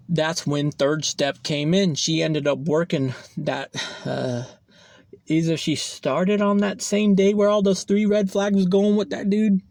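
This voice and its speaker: A man's voice: sits high, vocal fry, darkish tone, no room sound. A young man hosting a podcast, telling a personal story in a rambling, profane way, full of fillers. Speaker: podcast host. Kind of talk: casual storytelling monologue.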